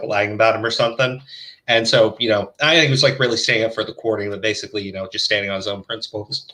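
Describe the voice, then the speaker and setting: A man's voice: medium pitch, sharp tone, poor audio. A man hosting a livestream, chatting casually and joking with lots of swearing and laughter. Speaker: stream host.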